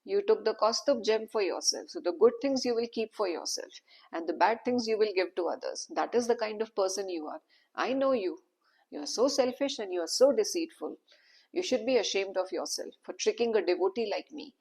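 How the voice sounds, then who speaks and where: Woman storyteller as an enraged male sage, accusing, gravelly edge, husky tone. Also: medium pitch, normal speed, a little mellow. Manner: bitter, accusing outbursts. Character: proud male sage, wounded and furious.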